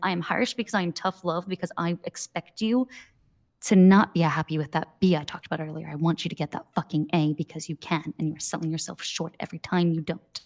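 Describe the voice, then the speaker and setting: A woman's voice: fairly low pitch, steady tone, a little fast, a little mellow. A woman playing a judge in an online roleplay, talking bluntly and swearing freely as she lectures the lawyers in front of her. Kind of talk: in-character roleplay.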